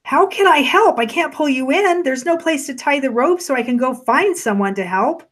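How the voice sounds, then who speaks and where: An exasperated, startled woman, as a woman narrator puts her on, calling out urgent questions. Her voice is raised and pitched a touch high. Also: lively intonation, normal speed.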